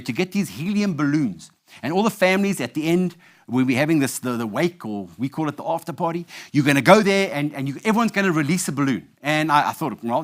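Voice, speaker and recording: A man from South Africa hosting a live awards event on stage, telling a story with a comic twist before announcing winners. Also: on the high side. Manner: storytelling, playful, shifts to loud hype when announcing. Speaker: awards host.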